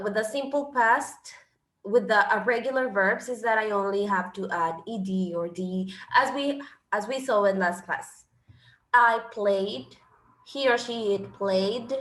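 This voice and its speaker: The woman, whose native language is Spanish, has a mid-range, fairly bright voice. She leads a classroom grammar lesson, patiently explaining English points while switching into Spanish, and the room echoes.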